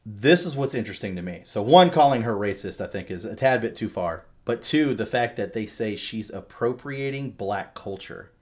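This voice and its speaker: A man from the American South with a softened Southern accent, hosting a podcast discussion emphatically and swearing freely. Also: lowish voice, lively intonation, moderate pace, hardly any pauses. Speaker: podcast host.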